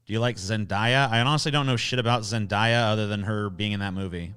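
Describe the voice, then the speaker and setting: A man's voice: fairly low pitch, quick pace, fairly bright tone, clean tone. A man hosting a casual livestream, reading chat questions aloud and answering in a blunt, sarcastic, profane way.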